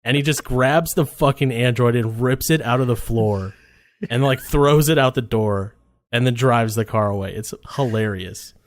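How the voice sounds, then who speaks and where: A man's voice: mid-range voice, moderate pace, dry recording. A man co-hosting a casual movie podcast, laid-back, swearing freely and laughing often. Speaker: podcast co-host. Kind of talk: casual chat.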